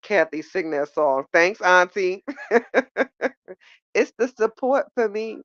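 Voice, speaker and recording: A woman with hosts a casual livestream, talking right to her viewers. She is animated and repeats phrases for emphasis, her voice smooth and resonant. The sound is dry and close, a little dull. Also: lowish voice, unhurried, no echo. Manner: animated, repeats phrases, talks straight to chat. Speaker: livestream podcast host.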